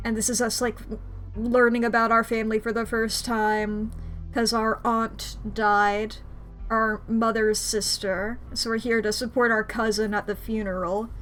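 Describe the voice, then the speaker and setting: Woman streamer, casual chat. Higher-pitched, giggly, loose and rambling delivery over soft music. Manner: rambling, giggly, self-correcting.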